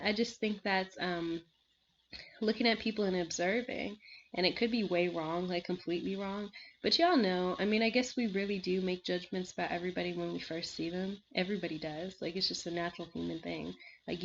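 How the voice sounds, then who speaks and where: A woman's voice: fairly low pitch, creaky, slight background noise. A woman reviewing a reality show in casual chat at home, seated, rambling with many fillers, with frequent laughs and sighs. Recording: slightly dull lo-fi recording.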